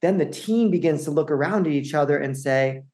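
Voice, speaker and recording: A man's voice: a little high, a little fast, warm tone. A man speaking as a guest on an interview podcast, talking earnestly and correcting himself as he goes. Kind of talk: conversational interview.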